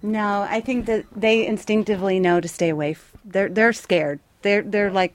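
A woman's voice: mid-range voice, fairly even intonation, normal speed, few pauses. A woman who runs a wild bird rescue, answering interview questions in a chatty way, laughing often and correcting herself.

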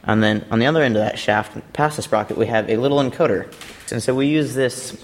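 A man's voice: medium pitch, fairly quick. A young man from a robotics team giving a casual, rambling explanation of a competition robot, with playful asides.

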